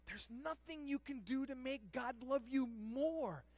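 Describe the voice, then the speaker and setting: A pastor preaching a sermon, moving between hushed, quiet passages and shouted, impassioned ones. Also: sits high, measured pace, no echo, rough recording.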